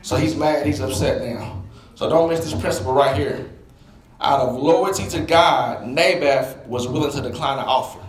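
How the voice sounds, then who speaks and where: A man preaching a sermon in an animated, folksy way, speaking straight to his congregation. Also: medium pitch, moderate pace, reverberant, low-quality recording. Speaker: pastor.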